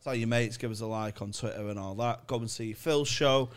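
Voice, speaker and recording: A man's voice: mid-range voice, fairly quick, clear, resonant tone. A man co-hosting a comedy podcast, talking in a dry, blunt way and reading out the sign-off. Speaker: podcast co-host. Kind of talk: casual podcast chat.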